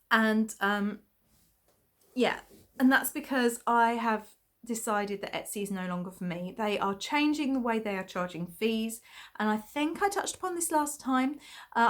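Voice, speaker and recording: A woman from England, hosting a podcast in a rambling casual chat full of ums and small laughs. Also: a little high. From England (Essex). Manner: chatty, rambling with many ums and little laughs. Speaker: podcast host.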